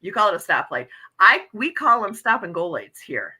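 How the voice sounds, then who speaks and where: Bright-voiced Wisconsin woman hosting a chat. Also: mid-range voice, big pitch swings, moderate pace, breathy edge. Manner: chatty, reads chat messages aloud. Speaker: livestream host. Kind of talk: casual chat.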